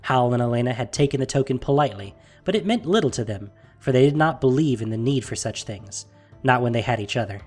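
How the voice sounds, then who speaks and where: Measured fantasy audiobook narrator. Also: medium pitch, faint music behind. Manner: measured, steady storytelling.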